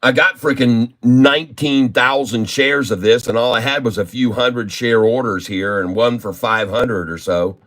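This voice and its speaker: A man vlogging his day trading live, grumbling and cursing at his trading software. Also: medium pitch, normal speed, few pauses. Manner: grumbling, cursing, exasperated muttering. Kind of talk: casual live trading commentary.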